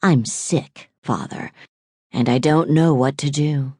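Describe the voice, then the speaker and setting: A woman voicing a cold, unhinged male killer in an audiobook, speaking in a husky, taunting way that turns eerily calm. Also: no echo, clean studio sound, heavily acted. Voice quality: husky, low and slow. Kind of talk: audiobook character voice.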